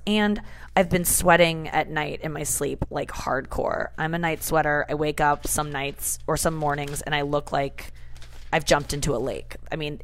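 A woman's voice: low voice, a little hiss or hum. A woman comedian hosting a casual podcast, chatty and rambling with lots of fillers, recorded on the go in the back room of a hair salon. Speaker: comedian and radio host. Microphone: portable setup recorded on the go, not a studio.

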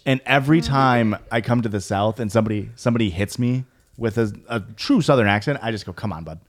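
A man's voice: medium pitch, quick pace. A man from the American Midwest hosting a podcast in dry, teasing casual chat. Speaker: podcast host.

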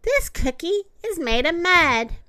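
A woman's voice: extremely high pitch, slow, pitched above the performer's own voice, exaggerated voice. A woman voicing an eager, playful female puppy who barks and thinks aloud in a storybook. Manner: excited barks and inner thoughts.

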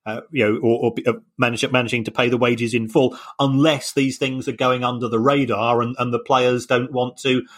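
A man's voice: medium pitch, little pitch movement, moderate pace, hardly any pauses. A man co-hosting a podcast, explaining with many hesitations and restarts. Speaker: podcast co-host. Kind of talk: casual chat.

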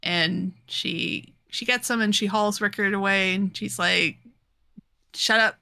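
A young woman talks casually on her podcast, walking through a story's events. Her voice is bright and clear, and she laughs easily, jumping into different voices for the characters as she goes. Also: mid-range voice, steady tone. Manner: giggly, acts out characters' lines in quick voices. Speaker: podcast co-host. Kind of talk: casual chat recapping a manga.

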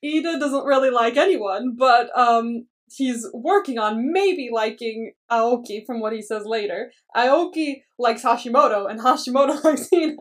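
A woman's voice: a little high, moderate pace, few pauses, distant mic. A woman co-hosting a podcast, chatting casually and giggling as she retells scenes. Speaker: podcast co-host. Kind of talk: casual chat.

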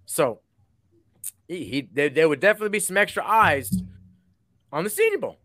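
A man co-hosting a sports podcast in casual chat, animated and rambling, laughing often. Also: fairly high pitch, normal speed, no room sound, studio quality. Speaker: podcast co-host.

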